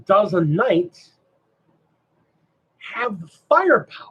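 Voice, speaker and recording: A man hosting a casual livestream chat, animated and asking himself rhetorical questions. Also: high voice, slow pace, breathy edge, lo-fi sound. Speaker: stream host.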